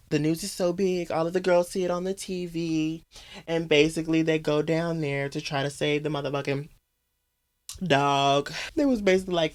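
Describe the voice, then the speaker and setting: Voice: mid-range voice, fairly even intonation, normal speed. A podcast host recapping an old TV movie in a comedic, mocking way, swearing freely and laughing often.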